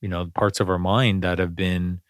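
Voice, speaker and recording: A man's voice: sits low, flat delivery, moderate pace, no echo, clean studio sound. A man hosting a podcast, talking in a rambling, reflective way with lots of fillers and restarts. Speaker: podcast host. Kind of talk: casual spiritual conversation.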